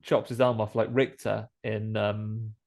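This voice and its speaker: A man's voice: on the low side, level tone, unhurried, gravelly, darkish tone. A man, co-hosting a podcast and chatting jokily through a horror film recap. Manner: chatty, jokey, acts out quoted lines. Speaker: podcast co-host. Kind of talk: casual film recap chat.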